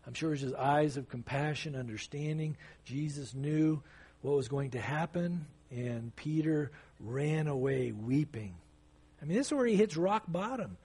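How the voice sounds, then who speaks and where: Husky-voiced, fervent preacher man. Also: a little high, a little mellow. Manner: emphatic, conversational preaching with sudden bursts of intensity. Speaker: pastor. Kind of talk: expository sermon.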